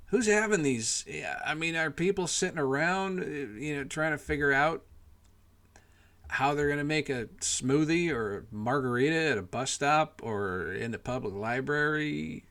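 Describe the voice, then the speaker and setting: A man ranting in a casual monologue, rambling and exasperated, swearing often and filling pauses with "you know". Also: mid-range voice, a bit bright. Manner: profane, rambling, exasperated, lots of fillers. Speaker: podcast host.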